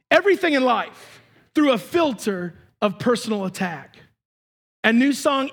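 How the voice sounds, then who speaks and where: A man preaching a sermon as pastor in a church, emphatic, swinging between shouted lines and hushed asides. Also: extremely high pitch.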